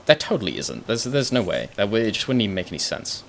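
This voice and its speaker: A young man with a British accent and a low voice that drops into gravelly fry, rambling through a gaming stream. He thinks aloud, answers his chat and swears offhandedly. A faint hum of room noise sits behind him. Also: big pitch swings, fast, fairly bright tone. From Britain. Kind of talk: casual live-stream chat while gaming.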